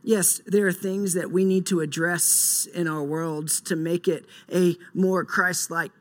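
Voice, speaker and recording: A young man preaching a sermon earnestly, moving between soft, slow passages and loud, emphatic bursts. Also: high voice, fairly even intonation. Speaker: pastor.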